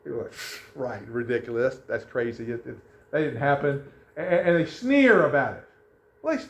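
A man preaching a sermon in a conversational way, often restarting his sentences. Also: fairly high pitch. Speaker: pastor. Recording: echoey room, dull lo-fi sound.

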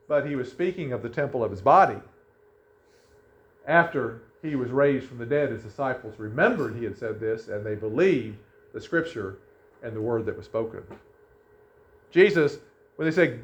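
A man's voice: medium pitch, lively intonation, normal speed, long pauses. A man preaching a sermon in a conversational way, often restarting his sentences. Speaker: pastor. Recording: echoey room, dull lo-fi sound.

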